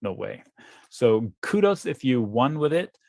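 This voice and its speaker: A man's voice: medium pitch, very animated, darkish tone, no room sound. Blunt man walking through trading charts. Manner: blunt, quick asides, thinks aloud over charts. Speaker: options trader guest. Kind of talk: live trading webinar commentary.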